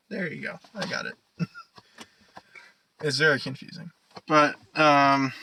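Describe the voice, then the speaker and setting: A man's voice: on the high side, bright, forceful tone, no echo, rough recording. A young man co-hosting a casual podcast, rambling and swearing, laughing often. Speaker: podcast co-host. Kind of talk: casual chat.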